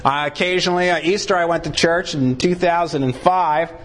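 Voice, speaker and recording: A man preaching a sermon, acting out short exchanges and punching key words for emphasis. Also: fairly quick. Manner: animated preaching, swings pitch widely for emphasis; acts out short dialogues between God and a sinner. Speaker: pastor.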